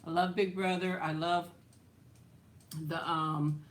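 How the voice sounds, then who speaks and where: Slow and lowish, with little pitch movement, this woman's voice comes through with slight background noise. She's hosting a relaxed livestream, going through viewer comments, often laughing and trailing off on "so".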